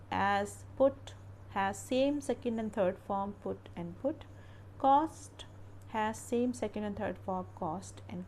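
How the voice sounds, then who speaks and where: Female teacher, measured slow grammar narration, drilling examples; light background noise. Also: mid-range voice, warm tone. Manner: careful, drilling word lists. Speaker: English teacher.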